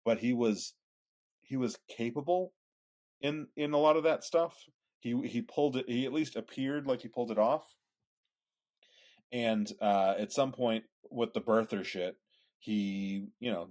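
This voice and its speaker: A man's voice: fairly low pitch, darkish tone. A man co-hosting a podcast in casual political chat, giving opinionated, rambling explanations. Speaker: podcast co-host.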